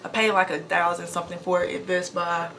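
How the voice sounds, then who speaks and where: Fast-talking woman vlogging at home. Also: on the low side, level tone, sharp tone, slight background noise. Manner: talks fast without pauses, breathy between sentences. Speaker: nurse vlogger. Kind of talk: casual get-ready-with-me vlog. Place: home bathroom. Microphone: camera mic.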